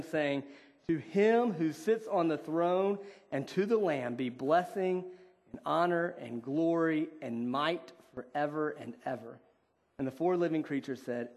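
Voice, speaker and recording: A man preaching a sermon in an earnest, conversational way, with fillers, reading scripture slowly and deliberately. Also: fairly high pitch. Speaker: pastor.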